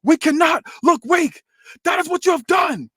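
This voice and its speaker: A man voicing an enraged older man who bellows slowly at his beaten son. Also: extremely high pitch, dry recording, studio quality, voice pushed up. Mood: furious. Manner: shouting, slow and drawn out.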